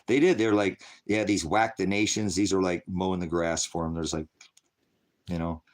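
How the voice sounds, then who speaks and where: A man's voice: sits low, steady tone, moderate pace. A man hosting a casual livestream, rambling in a conspiratorial way, laughing often and answering viewers in chat. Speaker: livestream host.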